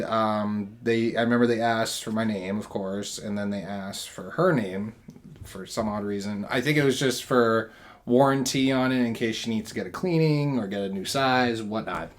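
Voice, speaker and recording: A young man telling stories on a casual podcast with his partner. His talk is loose and full of swearing, and it jumps into loud bursts when he gets worked up. His pitch sits in an ordinary middle range. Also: normal speed. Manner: animated, profane, loud bursts when excited. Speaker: podcast host. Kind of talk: casual storytelling chat.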